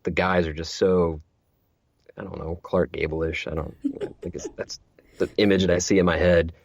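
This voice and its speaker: Man, audiobook narrator, interview guest, low voice, rambling, repeats words, muffled lo-fi sound. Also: steady tone, normal speed, vocal fry, no echo. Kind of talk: casual interview chat.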